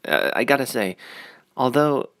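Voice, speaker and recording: A man's voice: medium pitch, very animated, a little slow, a bit bright, dry recording, clean studio sound. A man rambling through a casual opinion vlog, full of fillers and sarcastic asides. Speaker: YouTube commentator.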